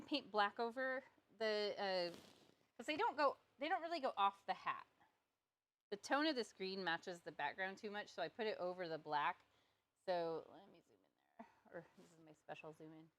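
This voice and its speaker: Instructor, woman, mid-pitched, casual and playful, talks while painting, pokes fun at herself. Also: fairly bright tone. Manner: chatty, playful and self-deprecating. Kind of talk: step-by-step live art tutorial.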